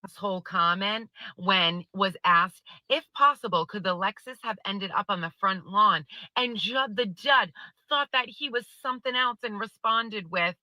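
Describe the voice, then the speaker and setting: A woman's voice: mid-range voice, measured pace, bright, forceful tone, dry recording, low-quality recording. A woman giving a sarcastic, profane rant about a trial day, sounding fed up. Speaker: social media commentator. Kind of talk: ranting trial commentary.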